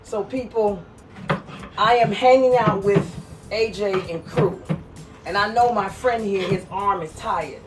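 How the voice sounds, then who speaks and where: A woman whose accent blends Brooklyn with the South talks lively and casually at home. Her voice sits a little back from the mic, with soft music playing behind her. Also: mid-range voice, a little slow, recorded from a distance. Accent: mixed Brooklyn and Southern. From New York. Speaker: fashion collector showing her pieces. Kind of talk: casual chat on camera. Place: home kitchen.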